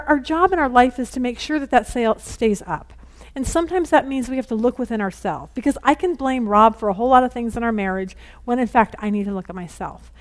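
It's an informal Bible lesson from a middle-aged woman whose fairly high voice stays candid and talkative while she hurries along. She brings family conversations to life by performing the different speakers.

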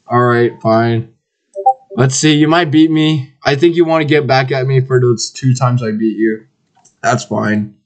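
A man chatting casually over voice chat while gaming, teasing and trash-talking his friends. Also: a little high. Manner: teasing, playful trash talk. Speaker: online game player.

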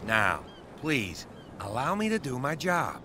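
Curt dock official. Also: male voice, mid-range voice, sing-song, takes it slowly. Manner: curt, dismissive. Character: evasive male dock official. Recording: game audio with clear noise.

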